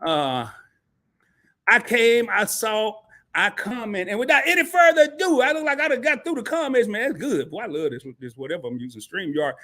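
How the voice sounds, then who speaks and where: A man hosting a live stream talk show, talking in an energetic, slangy, casual way to his chat. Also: sits high, moderate pace. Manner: energetic, slangy, calls the audience "baby" and "man".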